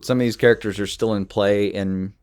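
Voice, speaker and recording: A man's voice: on the low side, steady tone, a little fast, darkish tone. A man co-hosting a podcast, explaining his points in casual chat. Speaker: podcast co-host.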